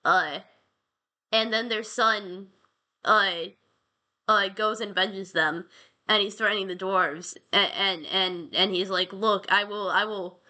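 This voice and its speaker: Bright-voiced woman rambling through a myth. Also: medium pitch, slow pace, long pauses. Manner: rambling, slangy, many restarts. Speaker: podcast host. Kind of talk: casual retelling of a myth.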